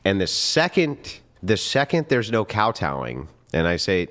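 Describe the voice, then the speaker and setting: A man's voice: fairly low pitch, very animated, unhurried, a bit bright. A man giving heated, profane commentary after a debate, emphatic and mocking.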